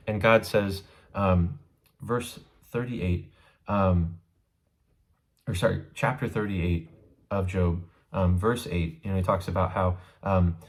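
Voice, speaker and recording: Speaking a little slowly in a low, steady voice, a Bible teacher explains a passage during a casual study session. He keeps it conversational and regularly checks in with his listeners.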